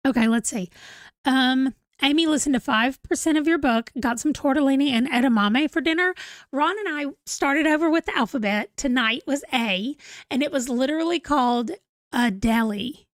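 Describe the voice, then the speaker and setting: Book channel host, woman, 40s, high bright voice, dry sound, chatty and rambling, reads viewer comments aloud. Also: normal speed, no echo. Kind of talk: casual livestream chat.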